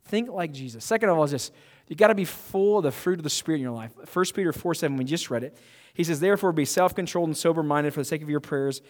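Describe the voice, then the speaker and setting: A pastor with a fairly high, darkish voice preaches a sermon in an echoing church sanctuary. He talks fast and animatedly, emphatic yet conversational, often restarting his sentences.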